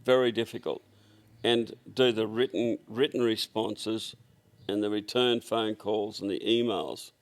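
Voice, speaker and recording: A man's voice: on the low side, fairly even intonation, unhurried. An older Australian man with a workshop, telling rambling, blunt anecdotes full of fillers and restarts in a casual interview. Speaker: workshop owner, guest.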